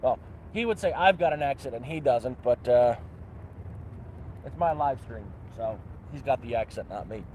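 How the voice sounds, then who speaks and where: A man's voice: medium pitch, moderate pace, a little mellow, a little hiss or hum. A Canadian man with a Canadian accent, casually chatting on an outdoor livestream at a campsite, rambling and self-mocking with a playful "eh" and "bud". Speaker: livestream host.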